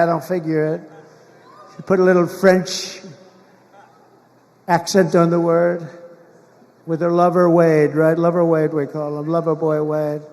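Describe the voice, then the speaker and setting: A man's voice: fairly high pitch, a little mellow. A man in his seventies giving a rambling, emphatic campaign rally speech and repeating his phrases, heard through the long reverb of a big venue. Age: 70s. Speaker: political candidate.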